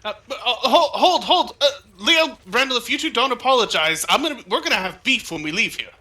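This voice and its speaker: A man playing a tabletop game, protesting loudly and jokingly. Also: very high-pitched, lively intonation, a little fast. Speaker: player.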